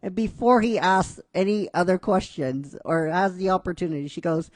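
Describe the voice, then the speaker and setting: A man's voice: sits high, moderate pace, few pauses, no echo, clean studio sound. A man casually retelling a fan story, rambling with restarts and frequent "right?" asides.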